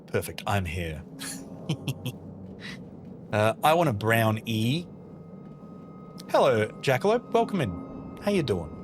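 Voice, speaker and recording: With a lowish, sing-song voice, this gamer talks very slowly and pauses often, over background noise. He's chatty and playful during his casual stream, responding to chat and mumbling to himself mid-play.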